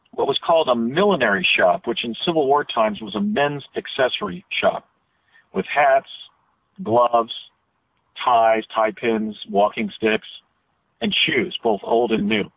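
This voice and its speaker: A man's voice: mid-range voice, no room sound. A man being interviewed by phone, telling a detailed story with frequent restarts and self-corrections. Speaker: interview guest. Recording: tinny phone line.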